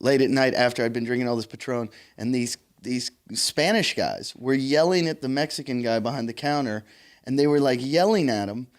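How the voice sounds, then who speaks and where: A man's voice: mid-range voice, fairly quick. A man telling long, profane stories in a casual podcast chat. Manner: rambling, profane anecdote telling. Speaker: podcast co-host.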